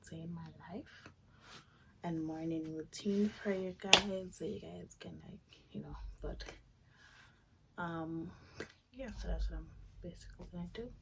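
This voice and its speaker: A young woman chatting casually in a vlog, her voice raspy and groggy from just waking up, rambling with fillers. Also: lowish voice, a little slow, pauses often. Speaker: vlogger. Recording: distant mic with noisy background.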